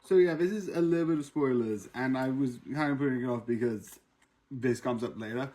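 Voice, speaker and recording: A man's voice: mid-range voice, a little fast, warm tone. A man from Britain reviewing a show in a casual vlog, rambling with many fillers and restarts. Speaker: video reviewer and streamer.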